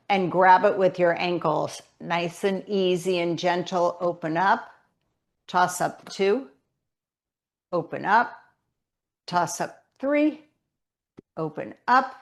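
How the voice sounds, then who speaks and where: Woman, pilates instructor, slow measured pace, mid pitch, counting reps, slightly breathless. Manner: counting reps while doing the moves. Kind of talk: guided exercise class instruction.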